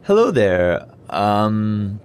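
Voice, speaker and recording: A man's voice: on the low side, clean tone, full character voice. A man voicing a friendly university professor in a scripted dialogue for a language lesson. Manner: relaxed, friendly, reads lines then slowly repeats them.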